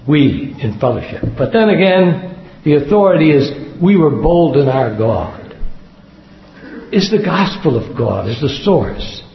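A man with a fairly high voice preaches a sermon in earnest, repeating key phrases to drive them home. The recording is dull and lo-fi, and his voice rings out in a large echoing hall. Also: sing-song, a little slow, a little hiss or hum. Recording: echoey hall, dull lo-fi sound.

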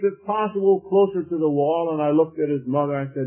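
A man preaching a sermon, telling a vivid story that builds to excited shouts and drops back down. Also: on the high side, a little fast, few pauses. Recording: tinny lo-fi sermon recording.

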